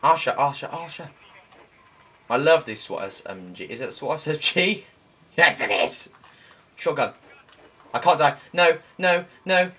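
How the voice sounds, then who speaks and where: Young man, let's play commentary, excitable, husky edge. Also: on the high side, normal speed. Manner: hyper, excitable, exclamations and sound effects. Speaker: gameplay commentator.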